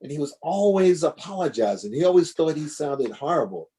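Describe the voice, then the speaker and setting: A man, a drummer, telling animated, rambling stories over a video call, with lots of restarts. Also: on the high side, fairly quick. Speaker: guest drummer. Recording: choppy internet connection.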